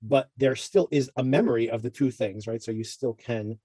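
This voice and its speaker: A man's voice: mid-range voice, moderate pace, dark tone, husky, no echo. A man hosting a podcast, recapping a TV show in a chatty, rambling way with asides. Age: adult parent. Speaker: podcast host. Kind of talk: casual TV recap chat.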